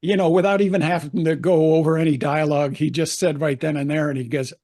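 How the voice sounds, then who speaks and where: A man's voice: a little high, fairly even intonation, fast talker, warm tone. An older man, an actor, telling anecdotes in a chatty interview, laughing often and acting out the voices he quotes. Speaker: actor guest.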